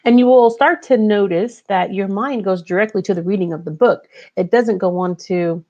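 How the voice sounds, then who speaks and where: A woman's voice: mid-range voice, moderate pace, hardly any pauses, mellow, highs cut off. A woman hosting a podcast as a life coach, giving a conversational motivational talk and repeating her key phrases.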